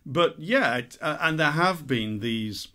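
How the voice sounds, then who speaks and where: A man's voice: fairly high pitch, lively intonation, slow, pushed and bright. A man from Britain hosting a podcast in casual chat, telling stories with fillers and asides. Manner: chatty, storytelling, hedging with fillers. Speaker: podcast host.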